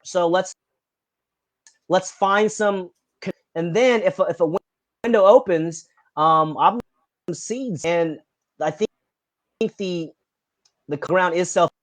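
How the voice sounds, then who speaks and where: A man's voice: high-pitched, takes it slowly, long pauses, no echo. A man talking as a podcast guest in casual conversation, earnest and passionate, with thoughts that wander from point to point.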